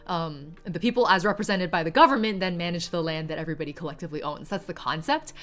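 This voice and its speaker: A woman's voice: on the low side, fast talker, fairly bright tone. A woman streamer chatting casually on a livestream, rambling with lots of filler words and reading viewer chat aloud, sometimes in Mandarin.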